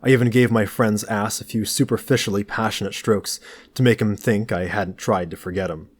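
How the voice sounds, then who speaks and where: A man narrating a novel in an even, understated way. His voice sits on the low side, and he keeps his delivery dry and unhurried. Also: slightly rough. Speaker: audiobook reader. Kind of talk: novel reading.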